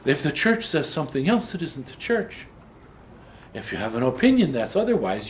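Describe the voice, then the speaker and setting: A man's voice: mid-range voice, very animated, a little fast, a little hiss or hum. A man teaching a Bible study lecture, emphatic and digressive, breaking off for asides and restarts.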